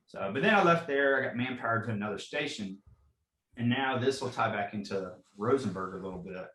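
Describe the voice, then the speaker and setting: A man's voice: mid-range voice, expressive, brisk, bright, forceful tone, reverberant, poor audio. A man in his forties, a fire captain, earnestly telling personal stories in a podcast interview and often saying "you know". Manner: earnest, frequent "you know", repeats himself.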